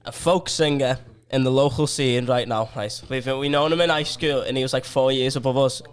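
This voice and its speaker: A young man with a Liverpool accent, a band member guest telling a funny story with loud outbursts and frequent laughter. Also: mid-range voice, fairly even intonation, normal speed, clean tone. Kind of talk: casual chat.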